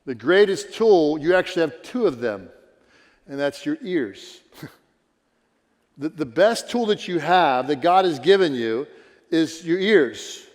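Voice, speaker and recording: Pastor guy preaching in a church, kinda high voice, big echoey hall, earnest and chatty. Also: lively intonation, measured pace. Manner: earnest, conversational preaching with rhetorical questions. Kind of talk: sermon. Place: church sanctuary.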